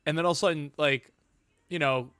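Man co-host, highish bright voice, teasing wisecracks, dry close sound. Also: fairly even intonation, fairly quick, clear, resonant tone, no room sound. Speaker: podcast co-host. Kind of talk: casual chat.

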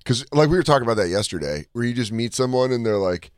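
Lively-voiced joking man riffing. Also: mid-range voice, quick pace, dry recording, clean studio sound. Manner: joking, riffing, swears, acts out bits. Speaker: podcast co-host. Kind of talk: casual comedic chat.

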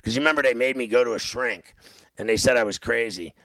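A man's voice: medium pitch, fast talker, a bit bright, no room sound. A man hosting a sports radio show, telling a rambling story in casual banter and laughing often. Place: radio studio.

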